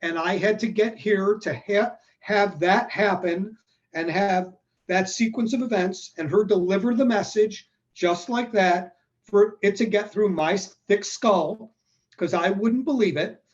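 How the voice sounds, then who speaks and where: Man, 60s, interview guest, lively storyteller who voices the people he quotes; high pitch. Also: measured pace, lo-fi sound. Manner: animated, acts out quoted dialogue.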